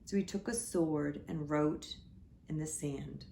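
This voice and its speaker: A woman reading a children's picture book aloud at church story time. Her voice is low and gravelly, and she takes the story slowly, gently pointing out the pictures. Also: a little hiss or hum.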